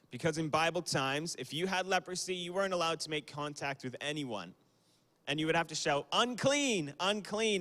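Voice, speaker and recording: A young man speaks to a youth group in a chatty, informal way, with fillers and quick apologies. His voice sits fairly high. A long hall reverb trails each phrase. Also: sharp tone. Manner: casual, conversational, with fillers and small apologies. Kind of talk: youth sermon on a livestream.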